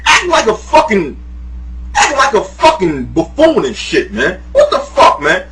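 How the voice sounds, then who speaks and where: A man's voice: high voice, huge pitch swings, normal speed, a bit bright, a little hiss or hum, rough recording. A man delivering a profane, heated video rant, mocking and laughing as he goes. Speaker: YouTuber, guest. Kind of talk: profane ranting monologue.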